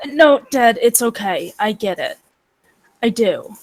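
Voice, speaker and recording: Slow, earnest woman playing her character. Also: fairly high pitch, big pitch swings, dry recording, poor audio. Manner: earnest, measured, pleading. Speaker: player. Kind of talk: in-character tabletop role-play.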